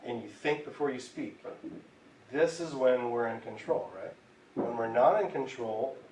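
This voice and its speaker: Man teaching a class, casual, keeps asking "right?", echoey room, mic far off, faint hiss. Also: mid-range voice. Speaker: tobacco cessation instructor. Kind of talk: classroom lecture.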